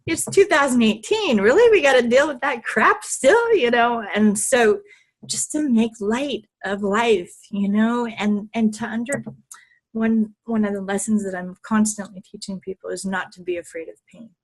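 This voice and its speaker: A woman guest on an interview show, telling stories in a lively, laughing way and swearing freely. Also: a little high, moderate pace. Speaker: podcast guest, healer. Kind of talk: casual interview storytelling.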